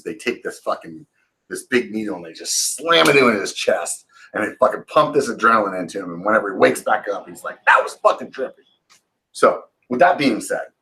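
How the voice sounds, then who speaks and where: Casting: man in his forties, lowish voice, casual rambling storyteller, curses a lot, raises his voice for quotes. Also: pushed and bright, rough recording. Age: 40s. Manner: swears freely, rambling with fillers and restarts. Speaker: channel host.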